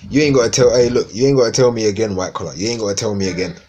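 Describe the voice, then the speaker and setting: A man's voice: fairly low pitch, steady tone, rapid-fire, a little mellow. A man from East London with a Cockney accent, chatting casually and swearing a lot on a live stream. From East London, England. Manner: rambling, swearing, slangy.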